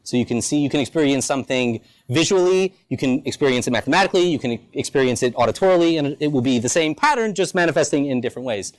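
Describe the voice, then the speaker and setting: A man's voice: medium pitch, expressive, fast talker, hardly any pauses. A man, a rabbi, teaching a lunchtime Torah class with rhetorical questions and playful asides. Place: school campus.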